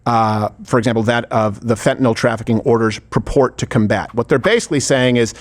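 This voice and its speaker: A man's voice: medium pitch, fairly quick, few pauses. A man hosting a political talk show, asking rhetorical questions with heavy sarcasm. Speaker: host. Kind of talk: political commentary chat.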